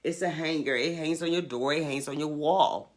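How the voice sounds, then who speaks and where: An older woman hosting a casual livestream, making emphatic, drawn-out announcements and urging viewers to come along. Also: low-pitched. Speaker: livestream host.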